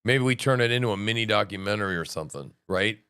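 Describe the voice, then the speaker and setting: A man hosts a livestream and reacts to what he is watching in real time, cursing freely. He swings between loud, excited outbursts and low muttering. His voice is smooth and clear, recorded dry and close with no room sound. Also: fast, dry recording. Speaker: livestream host. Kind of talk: live reaction commentary.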